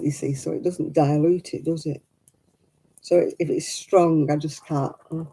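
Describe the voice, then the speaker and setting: A woman's voice: low-pitched, fairly even intonation, unhurried, mellow, husky, rough recording. A middle-aged woman chatting casually at home while she crafts. She tells stories and laughs often. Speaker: craft vlogger.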